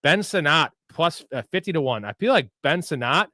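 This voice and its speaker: A young man hosts a live sports betting stream in loose, swearing bro talk. His voice is bright and forceful, sitting a little high for a man. The sound is dry and close. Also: animated, moderate pace, no room sound. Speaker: host of a live sports betting and fantasy show. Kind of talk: casual livestream chat answering viewer questions.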